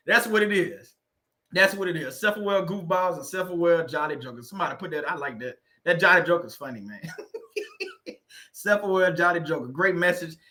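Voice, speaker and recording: Bright-voiced, high-pitched man chatting live. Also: fairly quick. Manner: laughs often, reads chat comments aloud. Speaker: livestream host. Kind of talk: casual livestream chat.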